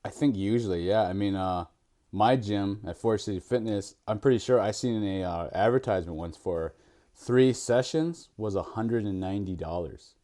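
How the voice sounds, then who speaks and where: A man's voice: fairly low pitch, moderate pace, warm tone. A man hosting a podcast, chatting casually and rambling with frequent laughs. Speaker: podcast host. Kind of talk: casual chat.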